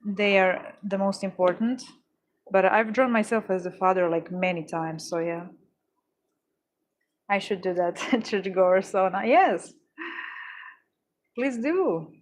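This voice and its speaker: A woman's voice: mid-range voice, slow, pauses often, slight background noise. A woman chatting casually while working on orders, easily startled, laughing often and correcting herself as she talks. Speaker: crafting livestreamer.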